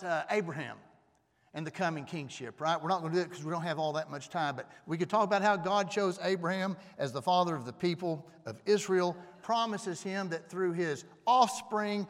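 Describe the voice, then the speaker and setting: Male preacher, fairly high voice, casual sermon to the congregation, stage mic in an echoing hall. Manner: conversational, asks the audience questions. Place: church hall. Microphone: stage microphone. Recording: long reverb of a hall.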